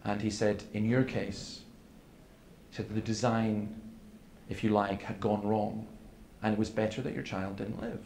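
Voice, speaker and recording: A preacher with a lowish, gravelly, darkish voice gives an earnest seminar talk at a steady tone and measured pace. He tells stories with quoted dialogue, recorded in an echoey hall with faint room noise.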